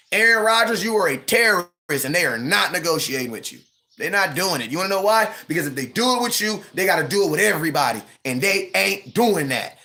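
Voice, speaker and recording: Ranting about sports on his live stream, a man in his thirties sounds animated and mocking in a voice that sits high. He keeps dropping quick impressions and laughs frequently.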